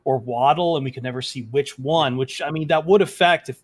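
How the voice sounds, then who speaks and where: Male co-host with hiccups, stop-start casual banter, video-call audio. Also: a little high. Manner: halting, repeats words, relaxed banter. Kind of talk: casual chat.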